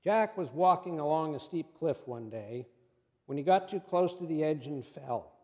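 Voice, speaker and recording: A man preaching a sermon in a measured, solemn way and telling a story to close it. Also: fairly high pitch, animated, a little mellow, in a large hall.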